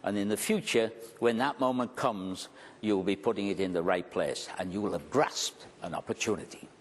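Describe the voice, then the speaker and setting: A man giving a conference talk as a magician, telling a story in an animated way and repeating his key phrases for emphasis. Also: on the low side, moderate pace, a little hiss or hum. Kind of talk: storytelling lecture. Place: large conference hall. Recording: long hall reverb.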